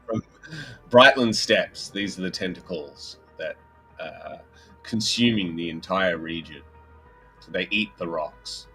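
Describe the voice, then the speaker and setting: A man with an Australian accent, a game co-founder chatting as a guest, laughing often in relaxed banter. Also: deep voice, slow pace, soft background music, rough recording. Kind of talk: casual livestream banter.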